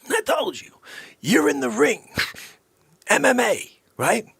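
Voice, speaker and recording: Hyped-up comedy vlog guy, high swoopy voice, shouts then whispers, kinda husky. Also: takes it slowly, no echo, studio quality. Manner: excitable, swings between shouting and whispering. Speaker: host.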